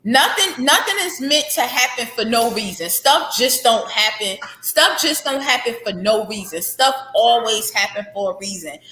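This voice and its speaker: A woman in her thirties talks about faith and healing with a bright, forceful voice sitting a little high. She circles back on her phrases for emphasis. The sound is roomy and echoey. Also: lively intonation, normal speed, hardly any pauses. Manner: heartfelt, faith-filled, repetitive emphasis. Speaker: author guest. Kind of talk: candid interview conversation. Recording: echoey room.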